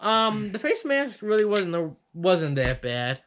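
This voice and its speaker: A young man in a casual vlog, bragging in a joking way with a very lively, bouncing pitch. Some faint noise sits under his voice. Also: measured pace. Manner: joking, boastful banter. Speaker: vlog co-host.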